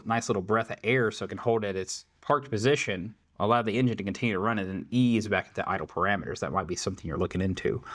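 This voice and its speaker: A man's voice: fairly low pitch, a bit bright. A man hosting a casual tech Q&A, answering viewer questions in a loose, chatty way full of fillers. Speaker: tech support host. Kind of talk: casual Q&A livestream.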